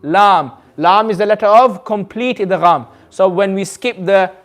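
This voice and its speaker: A man's voice: sits high, unhurried, fairly bright tone. A man teaching a Quran recitation class in a community centre, patiently quizzing his students and modelling the sounds aloud. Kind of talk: classroom lesson.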